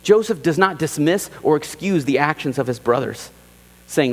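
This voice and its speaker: Pastor guy preaching, kinda high voice, lively, big church reverb and a low hum behind. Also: moderate pace. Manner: animated preaching, acts out quoted voices, repeats phrases for emphasis. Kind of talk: sermon. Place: church sanctuary.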